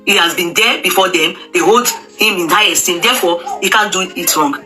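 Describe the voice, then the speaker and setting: A Nigerian woman speaks with a very bright, sharp tone, talking through her opinions in an emphatic, repetitive way with many hesitations and Pidgin asides. Faint music plays underneath. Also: on the low side, fairly quick. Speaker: commentator. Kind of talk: casual opinion talk.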